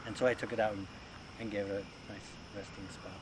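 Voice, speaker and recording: A man tells a personal story gently and reverently. His voice is low. Loud traffic noise rolls behind him. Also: level tone, brisk. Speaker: guest sharing a story. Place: outdoors beside a road.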